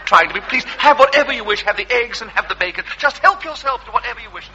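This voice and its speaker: An actor playing a polite, long-suffering vicar in a comedy sketch, genteel and formal. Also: male voice, very high voice, animated, quick pace, pushed and bright, dull audio, exaggerated voice. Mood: flustered.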